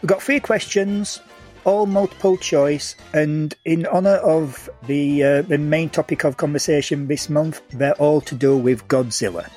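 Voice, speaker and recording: A man with a fairly high, slightly mellow voice hosts a casual podcast quiz at an unhurried pace over soft background music. He reads questions and multiple-choice options clearly and laughs often.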